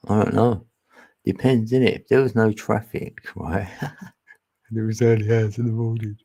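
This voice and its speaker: Cockney man, livestream host, dark husky low voice, chatty. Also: steady tone, normal speed. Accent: Cockney, East London. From England. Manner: chatty, chuckling, reads chat aloud. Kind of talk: casual livestream chat.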